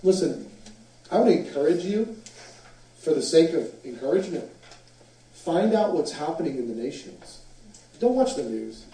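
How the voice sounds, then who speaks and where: A man with a fairly high voice preaches with animated storytelling. He is picked up from a distance in a very echoey hall. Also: moderate pace, long pauses. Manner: animated storyteller, acts out quotes. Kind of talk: sermon storytelling.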